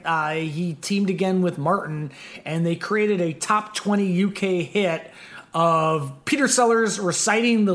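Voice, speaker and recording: A man's voice: high voice, fairly bright tone. A man hosting a podcast in casual chat, rambling with lots of fillers. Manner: rambling, many fillers, laughs easily. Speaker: podcast host.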